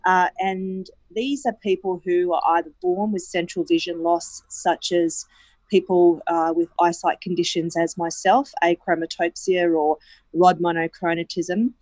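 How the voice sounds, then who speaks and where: Woman, radio guest, lowish voice, hesitant with ums, dry close recording. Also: level tone, a little slow, a little mellow, no echo. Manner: hesitant, many ums and restarts. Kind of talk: interview answers.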